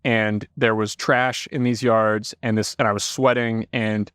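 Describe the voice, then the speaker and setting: A man from Indiana, a podcast guest telling stories in a casual, animated way, swearing freely. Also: lowish voice, unhurried, clear, resonant tone, dry recording, studio quality. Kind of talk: casual storytelling.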